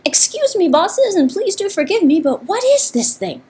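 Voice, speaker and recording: A woman voicing a timid, curious male field mouse who speaks in a squeaky, trembling and overly polite way. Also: very animated, normal speed, darkish tone.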